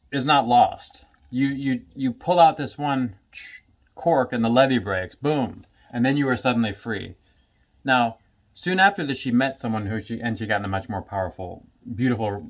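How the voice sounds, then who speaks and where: A man who works as a somatic healing practitioner, talking casually to camera and often laughing between his phrases. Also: medium pitch.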